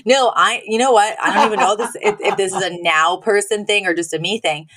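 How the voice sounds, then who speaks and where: A woman co-hosts a podcast and recaps a sitcom episode in a loose, chatty way. She laughs often and slips into the characters' lines as she goes. Her voice sits at a middle pitch. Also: brisk, fairly bright tone. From Washington, D.C. area. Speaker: podcast co-host. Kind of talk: casual recap chat.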